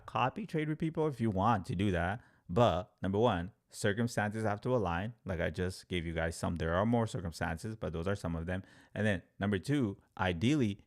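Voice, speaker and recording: A man teaching crypto trading on a livestream, talking in an animated, story-driven way with lots of fillers. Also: low voice. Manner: animated storyteller, acts out quotes, filler-heavy "like". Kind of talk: livestream talk to viewers.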